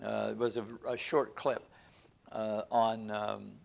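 A man's voice: fairly low pitch, little pitch movement, takes it slowly, vocal fry. A man preaching a conversational sermon, teaching from scripture and quoting it aloud, with frequent restarts.

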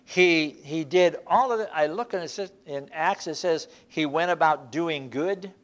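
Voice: medium pitch, unhurried. A Bible class teacher giving an informal church lesson in a conversational, folksy way, often repeating and restarting phrases.

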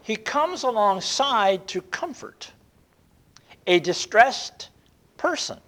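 A man delivers a sermon with earnest conviction, leaning hard on key words and drawing them out slowly. His voice sits a touch higher than most men's, and he often stops to restart a phrase mid-thought. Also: sing-song, a bit bright. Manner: earnest, drawn-out emphasis with frequent restarts. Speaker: preacher.

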